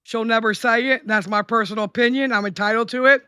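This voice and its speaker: Blunt, profane man with a very high voice. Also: fairly even intonation, quick pace, bright, forceful tone, smooth. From South Carolina. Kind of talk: casual streamed chat.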